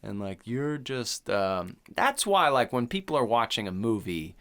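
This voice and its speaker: A young adult man with a bright, forceful voice, chatting on a podcast. He laughs often and retells scenes with lively quoted lines. His pitch sits in the middle for a man. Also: a little slow. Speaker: podcast co-host. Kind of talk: casual chat.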